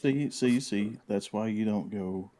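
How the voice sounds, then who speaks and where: A man's voice: on the low side, unhurried, mellow. A man co-hosting a casual podcast chat, blunt and profane.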